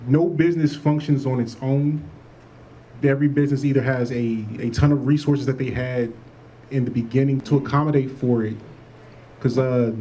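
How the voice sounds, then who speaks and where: Brief: male panel moderator, mellow dark tone, conversational and rambling. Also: medium pitch, slight background noise. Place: panel at a college event.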